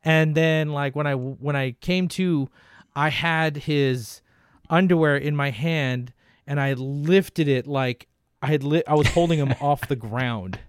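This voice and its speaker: Animated, swearing podcast man. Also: fairly high pitch, unhurried, smooth, no room sound. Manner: animated storyteller, swears, laughs often. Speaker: podcast co-host. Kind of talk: casual chat.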